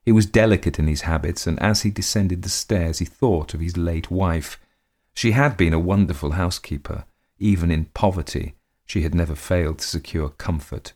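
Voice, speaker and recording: A man reading a period story aloud in measured, dramatic scripted narration. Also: sits low, a little mellow.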